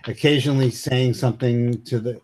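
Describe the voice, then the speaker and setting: A man's voice: mid-range voice, steady tone, brisk, a little mellow, a little hiss or hum. A man narrating a tabletop game as game master, laid-back and rambling.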